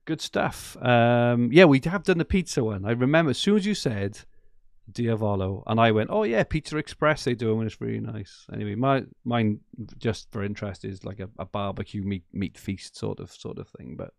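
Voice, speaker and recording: Podcast host, low raspy-edged man, keen and rambling, dry close sound. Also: moderate pace, dry recording. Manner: enthusiastic, rambling, laughs often. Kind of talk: casual chat.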